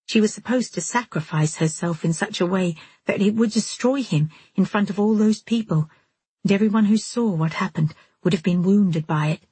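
A woman voicing a calm, steady young man who speaks gently and earnestly in an audiobook. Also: medium pitch, normal speed, husky, dry recording.

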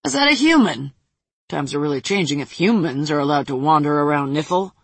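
A woman reading aloud and voicing a hot-tempered young male demon in a loud, mocking way. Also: sits low, animated, brisk, breathy edge, no echo, exaggerated voice.

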